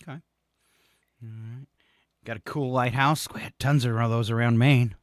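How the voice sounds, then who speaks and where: A man hosting a radio morning show, asking a guest relaxed questions with short prompts. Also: mid-range voice, normal speed, dry recording, studio quality. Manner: relaxed, brief prompts and easy laughs. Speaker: radio host. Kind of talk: casual radio interview. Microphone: studio microphone.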